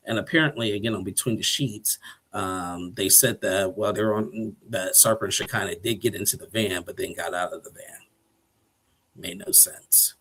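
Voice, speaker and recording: A man's voice: lowish voice, normal speed, fairly bright tone, breathy edge. A man giving a casual, rambling recap of a TV episode, chuckling often and acting out quotes.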